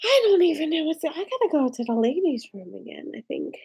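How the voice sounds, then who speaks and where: A woman's voice: sits high, very animated, a little fast, a little mellow, rough recording. A drunk woman in her forties hosting a casual live stream, rambling, giggling and reacting to viewer comments.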